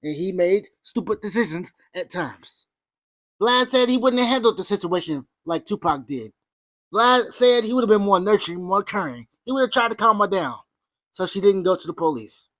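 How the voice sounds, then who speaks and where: A woman's voice: medium pitch, animated, normal speed, fairly bright tone, dry recording. A woman hosting an opinionated commentary video, talking with sarcasm and sudden emphatic outbursts. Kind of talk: opinionated commentary over clips.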